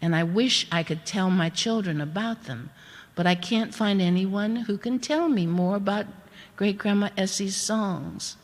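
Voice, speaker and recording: A woman storyteller giving an unhurried storytelling performance, with asides to the audience. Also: mid-range voice. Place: performance hall. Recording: reverberant hall.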